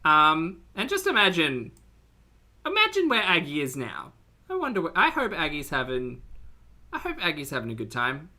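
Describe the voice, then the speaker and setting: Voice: mid-range voice, wildly swooping pitch, moderate pace, pushed and bright. A reaction commentator with an Australian accent, talking casually with teasing, giggly asides.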